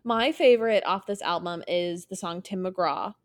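A woman's voice: lowish voice, moderate pace. A young woman hosting a podcast, chatting casually and enthusiastically, often correcting herself mid-sentence. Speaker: podcast host. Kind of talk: casual chat.

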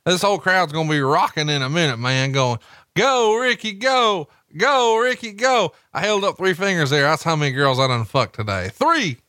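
A man putting on a cocky, crude male wrestler, boastful and quick. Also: animated, bright, forceful tone, no room sound, studio quality. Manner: brash, boastful, high and fast.

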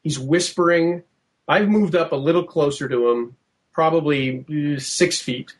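A middle-aged man telling a long first-hand story in a podcast interview, vivid and animated, acting out what people said. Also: fairly high pitch, a little slow. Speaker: podcast guest.

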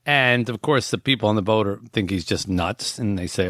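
Low-voiced man telling a story on a podcast. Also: normal speed, fairly bright tone, dry recording, studio quality. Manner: conversational storytelling with frequent fillers and restarts. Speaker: podcast host. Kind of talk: casual podcast, retelling a book's plot.

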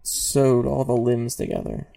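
Slow, gravelly man with a swooping voice. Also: medium pitch, huge pitch swings, warm tone. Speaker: game master. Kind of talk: podcast tabletop narration.

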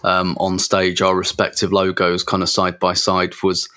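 Low, flat-voiced man. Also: moderate pace. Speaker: podcast co-host. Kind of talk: casual chat.

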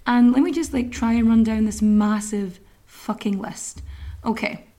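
A woman's voice: on the high side, steady tone, unhurried, dark tone. A woman hosting a podcast, telling a history story in a casual, rambling way with lots of fillers and swearing. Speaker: podcast host.

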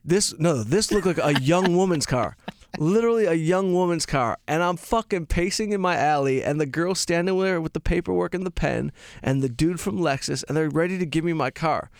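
A man's voice: a little high, fairly quick, no echo. A male comedian and podcast host telling rambling, self-mocking stories in casual chat, swearing freely. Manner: profane, rambling storyteller.

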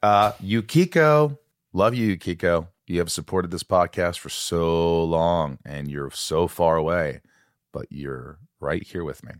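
A man hosting a podcast, talking in a very low, deep voice with a playful, joking manner as he rattles off names. The sound is dry and close, with no room echo. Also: little pitch movement, measured pace. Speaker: podcast host. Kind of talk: casual chat.

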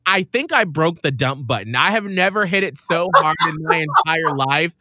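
Radio host guy, bright tight voice, dry close sound, kinda high, tells stories and does the voices. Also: moderate pace, no echo. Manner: animated, acts out quoted voices. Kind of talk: casual storytelling chat.

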